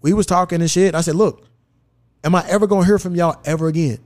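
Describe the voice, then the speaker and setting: A man's voice: sits high, fast talker. A man hosting a podcast, telling a story in casual, profane chat and acting out the dialogue. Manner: profane, animated, acts out quoted dialogue. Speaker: podcast host. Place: podcast studio.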